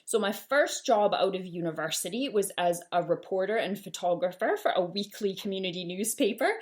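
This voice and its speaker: A woman's voice: medium pitch, lively intonation, fairly quick. A woman in her thirties with a Canadian accent and a slight Glasgow twang, telling her own story on a solo podcast in a chatty, self-deprecating way. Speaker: podcast host.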